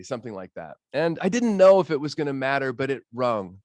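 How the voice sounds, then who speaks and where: A man's voice: mid-range voice, sing-song, a little fast, hardly any pauses, a little mellow, dry recording, clean studio sound. A man, a roofing business owner on a video-call panel, telling earnest, emotional stories about giving back. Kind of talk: casual panel chat.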